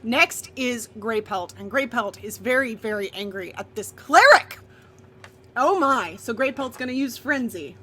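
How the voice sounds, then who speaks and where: Bright-voiced woman running a tabletop game. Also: fairly high pitch, lively intonation, slight background noise. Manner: bright, laughing and quick between dice rolls. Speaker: game master.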